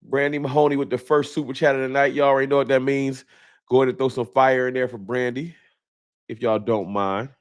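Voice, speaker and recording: A man's voice: medium pitch, flat delivery, a little fast. A man hosting a live stream in a casual, laughing way, greeting viewers by name while his nose is stuffed up from a cold. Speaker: livestream host.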